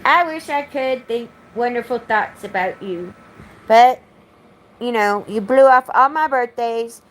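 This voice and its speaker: High-voiced woman, blunt and rambling. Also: a little slow, a little hiss or hum, low-quality recording. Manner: blunt, accusatory, profane; repetitive, rambling phrasing. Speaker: vlogger. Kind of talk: direct-to-camera monologue.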